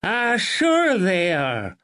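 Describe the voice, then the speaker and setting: A man's voice: high voice, huge pitch swings, very slow, sharp tone, voice pushed up, full character voice. A man voicing an eager, childlike young man with a strange, muffled voice.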